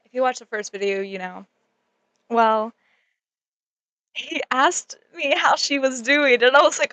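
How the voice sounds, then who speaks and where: A young woman tells a casual storytime story, bubbly and giggly, her speech full of "like". Her voice sits a little high. It is recorded close to the mic in a dry room. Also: a little slow, pauses often, no room sound. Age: young adult. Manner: animated, giggly, lots of "like". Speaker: vlogger.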